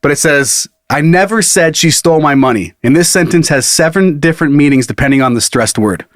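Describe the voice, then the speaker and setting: A man's voice: fairly high pitch, expressive, brisk, no room sound. Male podcast co-host, casual, laughs a lot, swears freely, dry booth sound. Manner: laughs often, swears casually, reads lists aloud. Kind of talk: casual comedic chat.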